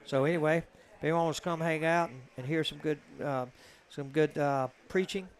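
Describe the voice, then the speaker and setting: Folksy Southern man, slightly high voice. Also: steady tone, a little fast, slight background noise. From Georgia, USA. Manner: rambling, folksy, joking. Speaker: pool stream commentator. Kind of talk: casual live-stream chat.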